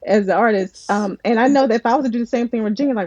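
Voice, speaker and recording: A woman's voice: fairly high pitch, racing, no echo, dull audio. A woman who writes screenplays and supervises scripts tells stories animatedly in a casual interview, often restarting her sentences. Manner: animated storytelling, many restarts.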